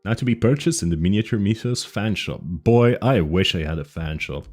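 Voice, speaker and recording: A man's voice: low-pitched, expressive, moderate pace, a little mellow. A man streaming a casual chat with his viewers, rambling through tangents with many fillers and restarts. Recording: faint music behind.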